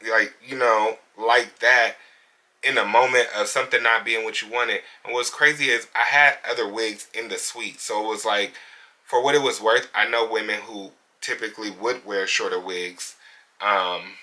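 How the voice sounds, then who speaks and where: A hairstylist and salon owner candidly retells a bad run-in with a client in a casual vlog. His voice is on the low side, steady and sharp-toned, at a normal speed, and his conversational retelling comes across as indignant.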